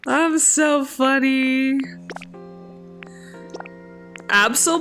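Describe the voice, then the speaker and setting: A woman's voice: mid-range voice, lively intonation, slow pace, a bit bright, faint music behind. A woman streamer chatting live with her viewers, playful and mock-dramatic, laughing often.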